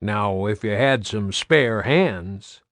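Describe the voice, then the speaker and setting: A rough, outspoken middle-aged farmer talks in a raised, pitched-up voice, as a man reading an audiobook puts him on. He sounds blunt and rowdy. The recording is dry and close. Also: animated, takes it slowly, fairly bright tone, dry recording.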